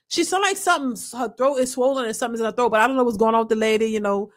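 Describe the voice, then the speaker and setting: A woman hosting a casual live stream, telling a funny story in an animated, colloquial way and answering chat comments. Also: high voice, fast talker. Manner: animated, laughing, colloquial, swings from loud to hushed.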